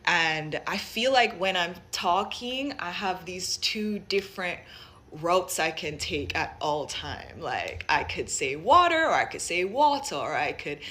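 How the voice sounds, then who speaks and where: A woman's voice: on the low side, animated, unhurried, pushed and bright. A young woman from Jamaica with a light Jamaican accent blended with American speech. She thinks aloud in a casual, rambling monologue full of fillers and restarts. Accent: light Jamaican mixed with American.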